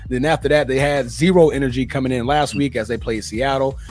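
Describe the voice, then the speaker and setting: A man from the United States co-hosting a casual football podcast, excitable and quick to laugh. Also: mid-range voice, faint music behind. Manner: excitable, laughs a lot, fan banter. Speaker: podcast co-host. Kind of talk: casual sports podcast chat.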